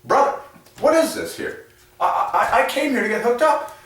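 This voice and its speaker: A man's voice: very high voice, expressive, normal speed, a bit bright, far from the mic, slight background noise, pitched above the performer's own voice, full character voice. A man voicing an exasperated male wedding usher who keeps asking indignant questions about the numbers. He sounds like he is in an echoey room away from the mic. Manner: outraged questioning, repeats "my brother".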